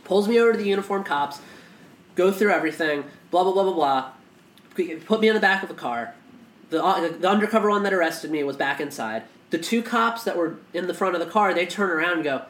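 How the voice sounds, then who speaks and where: A man co-hosts a casual podcast in an echoey room, his high-pitched, a-bit-bright voice moving a little fast with lively intonation. He talks with heated, profane intensity and frequent restarts.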